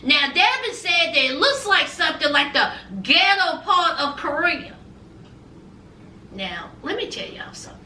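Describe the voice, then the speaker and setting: Sassy high-voiced woman vlogger. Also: sing-song, unhurried, pushed and bright, far from the mic, a little hiss or hum. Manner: sassy, addresses viewers as honey and y'all. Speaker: reality TV reviewer. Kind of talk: casual vlog review. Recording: roomy echo, a bit off-mic.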